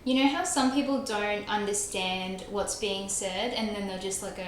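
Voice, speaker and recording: A woman's voice: mid-range voice, normal speed. A young woman livestreaming a game, chatting casually with her chat, self-mocking and laughing often. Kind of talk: casual chat while gaming, reading chat. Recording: very echoey room, faint noise.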